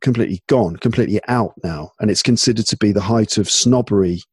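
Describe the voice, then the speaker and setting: A tired man from England with an English accent, chatting casually and talking in halting bursts full of restarts and fillers. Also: lowish voice, breathy edge, no echo, clean studio sound. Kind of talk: casual chat. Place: home in Paris at night.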